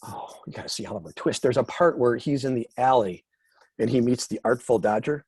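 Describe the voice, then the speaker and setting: Male guest musician, husky, self-deprecating storyteller in a dry recording. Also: medium pitch, brisk, a little mellow, dry recording. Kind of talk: casual interview chat.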